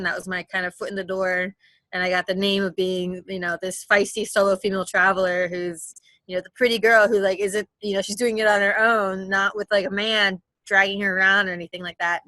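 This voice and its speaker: A young adult woman, a travel blogger, telling her story casually in an interview, fast and animated with lots of fillers. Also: mid-range voice, dry recording, poor audio. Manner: animated, rapid, many fillers.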